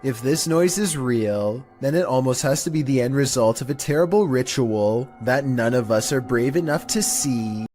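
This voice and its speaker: A man narrating a countdown of scary internet videos in a flat, monotone scripted delivery. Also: mid-range voice, moderate pace, few pauses, faint music behind.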